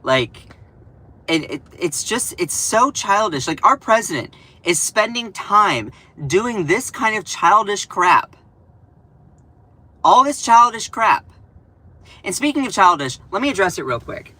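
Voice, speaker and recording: A young man talking in a casual political commentary vlog, animated and sarcastic, with lots of fillers and quick asides. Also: sits high, rough recording.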